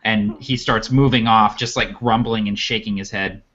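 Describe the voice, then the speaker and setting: A man narrating as game master of a tabletop game in a relaxed storytelling way. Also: on the low side, normal speed. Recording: dull lo-fi audio.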